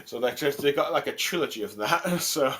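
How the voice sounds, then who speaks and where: A man's voice: mid-range voice, animated, fairly quick, a bit bright, husky. A man hosting a casual comic review chat, hesitant and full of fillers, chuckling often. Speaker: podcast host.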